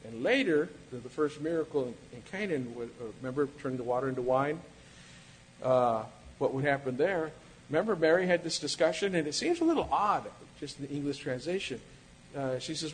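A man preaching with a slightly high voice, talking in an easy, conversational way. He acts out the quoted lines, changing his pitch and loudness, and a faint rumble sits under the recording. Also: animated, brisk, low-quality recording. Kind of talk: sermon.

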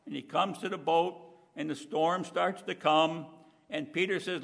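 A man preaching a sermon in a folksy, conversational way, often clearing his throat. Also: a little high, steady tone, unhurried, a bit bright, big-room sound.

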